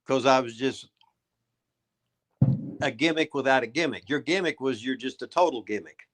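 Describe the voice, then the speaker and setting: A man's voice: medium pitch, moderate pace, fairly bright tone. Older guy, rambly folksy talk, cusses, mid voice. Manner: rambling, folksy, swears and laughs often. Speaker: retired wrestler and show host. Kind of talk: casual storytelling chat.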